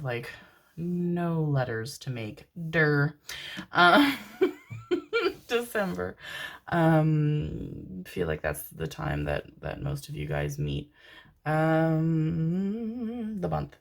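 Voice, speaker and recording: A young woman giving a rambling, chatty tarot reading to her viewers, with laughs and the odd swear. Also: low voice. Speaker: tarot card reader. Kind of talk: casual pick-a-card reading.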